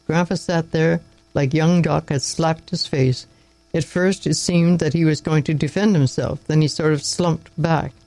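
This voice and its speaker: A man narrating a story aloud in a plain, measured reading with small slips. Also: on the high side, steady tone, darkish tone, low-quality recording.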